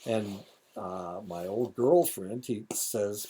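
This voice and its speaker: A man's voice: on the low side, unhurried, mellow, a little hiss or hum. A man in his seventies with an Indiana accent, giving a recorded lecture in a rambling, digressive way with many fillers and asides. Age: 70s.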